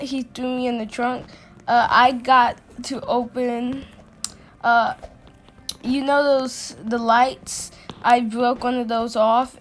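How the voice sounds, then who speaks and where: Slow, halting higher-voiced woman telling a story. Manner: halting, full of restarts and fillers. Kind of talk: casual personal storytime.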